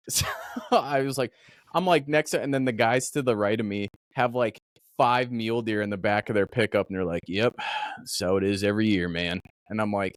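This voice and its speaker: A man from Minnesota, a podcast host, telling a story in casual chat with animated swearing. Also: lowish voice, brisk, no room sound, clean studio sound.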